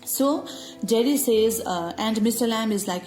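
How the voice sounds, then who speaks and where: Woman teacher, soft mellow tone, patient and explanatory, faint music underneath. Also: a little high, unhurried. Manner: patient explanatory, frequent "you know" fillers. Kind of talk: explaining a story summary to students.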